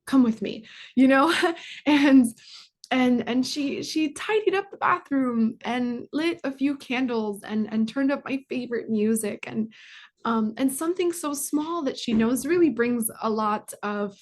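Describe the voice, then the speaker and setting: A woman's voice: high voice, unhurried. A young adult woman, a guest in an interview, speaking heartfelt and unscripted with frequent ums and restarts. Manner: heartfelt, many fillers and restarts. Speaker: guest, foundation communications manager. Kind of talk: casual interview answer.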